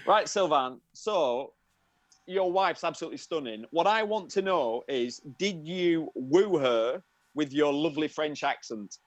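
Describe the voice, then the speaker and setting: A man's voice: a little high, expressive, unhurried, dry recording, dull audio. A man, hosting a casual interview in a jokey, teasing way. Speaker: host.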